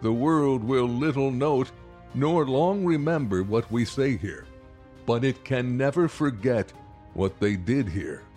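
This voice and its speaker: A man voicing a solemn male statesman who delivers a memorial address at a slow, unhurried pace. Each phrase comes out grave and deliberate, in a middle-pitched voice. Faint music plays underneath. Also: dark tone, close to an everyday voice. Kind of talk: dramatic reading.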